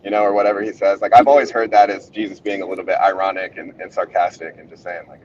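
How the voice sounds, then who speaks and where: A man's voice: sits low, flat delivery, fast talker, darkish tone. A man in a casual group discussion, easygoing and reflective, chuckling now and then. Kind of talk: casual group video chat. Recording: distant dull mic with faint hiss.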